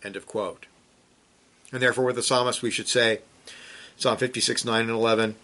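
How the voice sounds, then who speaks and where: A man's voice: medium pitch, a little fast, long pauses, pushed and bright. A man preaching a sermon, reading scripture aloud and urging listeners with pointed rhetorical questions. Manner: earnest, urgent exhortation with rhetorical questions; reads scripture quotations aloud with rising emphasis.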